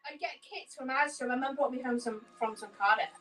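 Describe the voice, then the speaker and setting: A woman's voice: high voice, brisk, fairly bright tone, poor audio. A woman with a Yorkshire accent, co-hosting a live sale with playful, jokey banter. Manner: playful, jokey, says "mate" a lot. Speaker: co-host. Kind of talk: casual live-stream banter.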